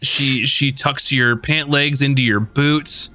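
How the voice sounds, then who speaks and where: A man's voice: medium pitch, steady tone, takes it slowly, pushed and bright, no echo. A man narrating a tabletop game as game master, rambling with lots of fillers.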